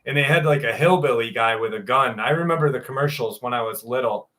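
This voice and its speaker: A man's voice: mid-range voice, quick pace, sharp tone. A man hosting a live stream, chatting casually with viewers by name, swearing freely, and reading out a story.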